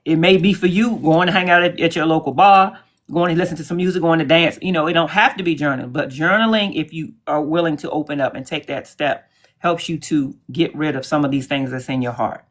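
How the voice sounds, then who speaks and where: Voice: medium pitch, a little fast, fairly bright tone. A co-host on a livestream, speaking in a casual, soothing and supportive way and thanking viewers in the chat.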